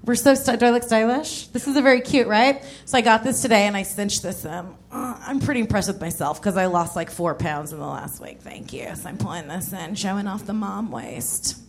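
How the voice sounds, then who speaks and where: A woman's voice: mid-range voice, a little fast, hardly any pauses. A woman in her thirties doing a stand-up set on a comedy club stage, candid and self-mocking, with laughing asides. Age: 30s. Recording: live band music behind.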